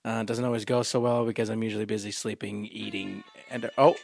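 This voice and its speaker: A man co-hosting a casual podcast, joking around and laughing often between quick asides. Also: lowish voice, level tone, gravelly, faint music behind. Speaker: podcast co-host. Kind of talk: casual chat.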